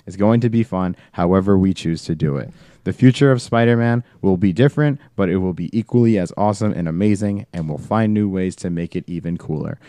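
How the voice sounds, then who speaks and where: A man's voice: low-pitched, a little fast, mellow, dry recording, natural voice. A man doing a put-on Cockney British accent as an earnest young British actor. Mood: upbeat.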